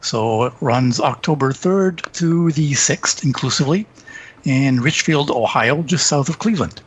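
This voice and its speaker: A man's voice: mid-range voice, lively intonation, measured pace, slight background noise. Hesitant Canadian man chatting. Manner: hesitant, many ums and uhs, chuckling. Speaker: podcast co-host. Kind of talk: casual chat.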